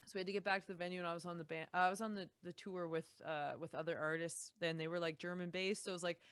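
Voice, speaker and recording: Canadian woman, smooth low voice. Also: fairly even intonation, quick pace, no echo. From Saskatchewan, Canada. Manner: chatty, many fillers and restarts. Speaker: musician guest. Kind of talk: casual podcast interview.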